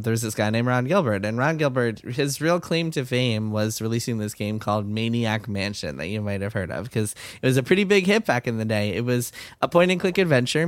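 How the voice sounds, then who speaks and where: A man's voice: medium pitch, lively intonation, a little fast, dry recording. A man co-hosting a podcast, explaining game history in casual chat with frequent fillers. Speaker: podcast co-host.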